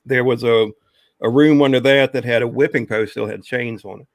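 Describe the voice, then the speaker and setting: A man of middle pitch spins a rambling ghost story, stopping often for "um" and "you know". The sound is close and dry, with no room around it. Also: fairly even intonation, moderate pace, dry recording. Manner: rambling, drawling, many fillers. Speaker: guest telling a ghost story. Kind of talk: casual storytelling.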